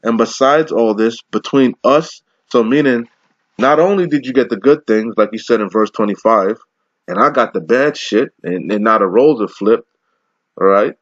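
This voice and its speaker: A man giving an informal scripture lesson, mixing slow, deliberate verse readings with casual, profane slang asides and frequent laughs. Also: on the low side, husky, no echo, dull audio. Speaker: scripture teacher.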